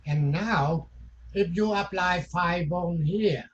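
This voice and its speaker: Slow-speaking male electronics teacher. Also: sits high, highs cut off. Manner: halting, repeats short phrases, non-native grammar. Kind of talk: classroom lecture.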